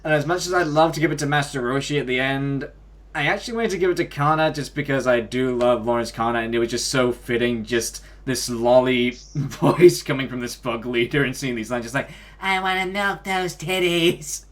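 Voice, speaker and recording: A host chatting casually over a call, animated and laughing, with crude asides. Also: mid-range voice, a little fast.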